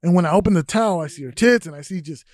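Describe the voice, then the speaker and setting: A young man with a fairly high voice hosts a casual podcast, rambling candidly through personal stories. The sound is dry and close, with no room around it. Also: racing, a little mellow, dry recording. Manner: candid, rambling storytelling with frequent fillers. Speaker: podcast host.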